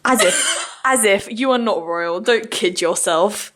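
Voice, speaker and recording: A young woman, chatting casually and excitedly in a vlog, often laughing. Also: medium pitch, a little slow, slight background noise. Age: young adult. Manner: giggly, excitable. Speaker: vlogger.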